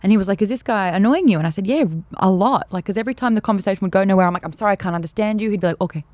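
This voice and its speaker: A young woman co-hosting a podcast, casually telling an animated story and acting out the people in it. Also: mid-range voice, racing, no room sound. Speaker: podcast co-host. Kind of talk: casual chat.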